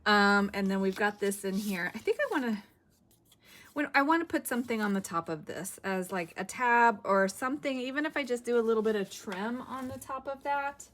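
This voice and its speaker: A woman's voice: on the high side, animated, brisk, fairly bright tone. Chatty woman crafting and thinking aloud. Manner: chatty, giggly, thinks aloud while working. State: a bit winded. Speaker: craft video host. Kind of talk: casual crafting chat.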